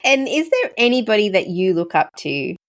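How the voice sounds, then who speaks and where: A woman's voice: medium pitch, big pitch swings, normal speed. A woman hosting a podcast interview, asking questions and speaking earnestly and effusively. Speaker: podcast host. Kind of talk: casual interview.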